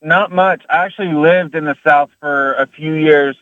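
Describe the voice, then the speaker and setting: A male caller to a radio show, speaking calmly and plainly. His voice comes through a muffled, dry phone line. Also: fairly high pitch, normal speed, no room sound. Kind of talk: phone-in conversation.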